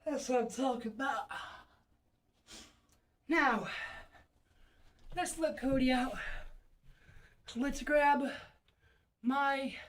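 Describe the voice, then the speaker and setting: A woman's voice: high-pitched, very slow, long pauses, recorded from a distance, slight background noise. A woman livestreaming from home on a phone camera, counting out her workout reps and cooing to her dogs. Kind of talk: casual livestream chat.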